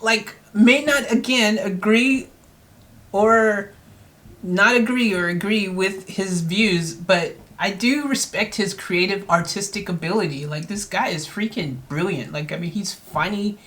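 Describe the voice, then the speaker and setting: A woman's voice: medium pitch, unhurried, fairly bright tone. A woman from the United States hosting a casual reaction video, rambling and self-mocking with lots of fillers.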